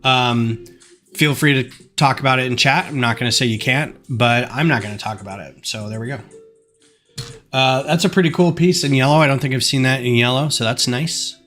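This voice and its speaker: A man chats casually at home while building a kit on a live stream, rambling and using lots of filler words. His voice is medium-pitched and a bit bright, at a normal pace, with faint music in the background.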